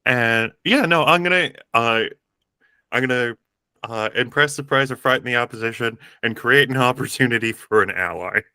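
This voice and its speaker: A man playing a tabletop game, describing his hero's moves in halting, rambling bursts and laughing at his own lines. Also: medium pitch, pushed and bright, clear, resonant tone, no room sound, clean studio sound. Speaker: player.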